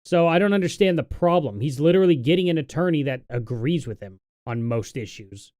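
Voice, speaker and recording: A young man talks loosely on a live stream, his voice sitting a little high. He sounds worn out and rambles with sarcastic exasperation. The sound is close and dry. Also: lively intonation, fairly quick, darkish tone, dry recording. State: tired. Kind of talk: casual live stream commentary.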